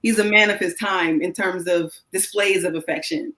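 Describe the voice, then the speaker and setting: A woman's voice: fairly low pitch, normal speed, poor audio. A woman guest telling a personal story in a frank, chatty way, acting out the people she quotes. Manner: animated, acts out quoted voices; frank, chatty, self-deprecating. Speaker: interview guest. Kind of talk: casual storytelling.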